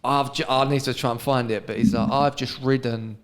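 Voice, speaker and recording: A man's voice: medium pitch, steady tone, fast talker. A man hosting a casual comedy podcast, bantering, laughing and swearing freely. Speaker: podcast host. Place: venue after a live show. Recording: loud crowd behind.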